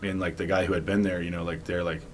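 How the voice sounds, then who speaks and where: Man, deep low voice, casual storytelling, rambling, restarts, faint background hiss. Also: little pitch movement, fast talker. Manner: rambling, many likes and restarts, laughs often. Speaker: podcast guest, former football player.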